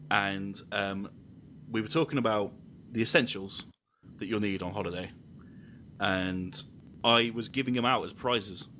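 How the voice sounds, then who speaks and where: A man's voice: on the low side, measured pace, long pauses, pushed and bright, slight background noise. A young man hosting a podcast, telling rambling anecdotes in casual chat with lots of ums. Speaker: podcast host.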